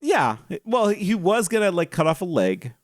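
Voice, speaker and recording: A man's voice: high voice, sing-song, moderate pace, no echo, studio quality. A drunk man co-hosting a podcast, retelling a story in a rambling, laughing way. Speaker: podcast co-host. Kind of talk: casual chat.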